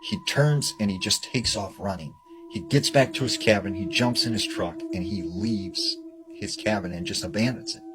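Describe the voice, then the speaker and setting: A man's voice: lowish voice, low-quality recording. A man casually retelling a scary story he heard, loose and chatty with lots of fillers. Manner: loose and chatty, full of "you know" and "like". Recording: music bed under the voice.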